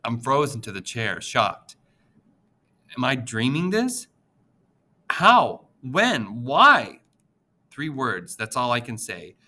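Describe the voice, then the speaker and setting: A man narrating an audiobook in the first person, with an expressive, emotional reading. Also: medium pitch.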